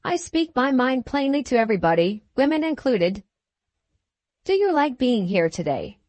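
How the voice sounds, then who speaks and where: A woman reading the part of a blunt, plain-spoken gentleman farmer in an audiobook, with an earnest, emphatic manner. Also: on the high side, sing-song, moderate pace, dry recording, pitched above the performer's own voice.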